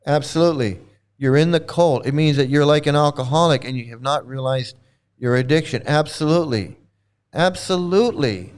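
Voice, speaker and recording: A man's voice: on the high side, normal speed, clean tone. A male host giving livestream commentary in an emphatic, exasperated way, often repeating himself and swearing. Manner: emphatic, exasperated, repetitive, profane.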